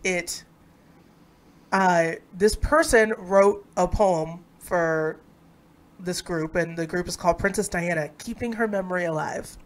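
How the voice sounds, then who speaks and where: A woman's voice: lowish voice, a little slow. Brief: young woman, stream co-host, casual, giggly banter. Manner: giggly, playful, laughing often. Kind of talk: casual chat.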